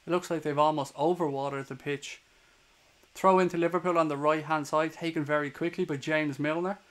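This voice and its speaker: An Irish young man does live pass-by-pass commentary on a football match for a fan watchalong stream, talking to the chat. His slightly high, a bit bright voice stays fairly even in intonation while he talks quickly and partisanly, swearing hotly whenever opposing players annoy him.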